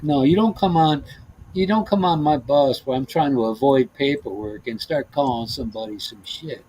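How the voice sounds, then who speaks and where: A man's voice: mid-range voice, moderate pace, darkish tone, husky, poor audio. A man hosting a casual podcast, telling profane, laughing stories about driving a bus, with lots of restarts. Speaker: podcast host, former bus driver. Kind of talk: casual chat, storytelling.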